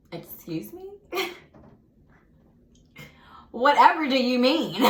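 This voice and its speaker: Young woman, casual eating vlog, lively swooping voice, echoey room. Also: fairly low pitch, a little hiss or hum. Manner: chatty and animated, laughing often, talking while eating. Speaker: vlogger. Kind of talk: casual mukbang chat.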